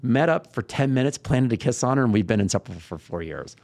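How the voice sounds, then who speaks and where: A man's voice: medium pitch, animated, fast, gravelly, darkish tone. A middle-aged man, a podcast guest, telling long rambling stories in casual talk and acting out what people said. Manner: rambling storyteller who acts out dialogue.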